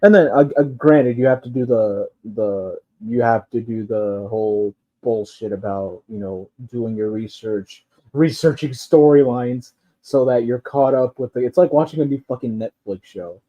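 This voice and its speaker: Here a man with a warm, mid-range voice rants at normal speed in a loose, casual way. He's profane and rambling, leaning on frequent fillers and laughs, and the recording is dull and lo-fi.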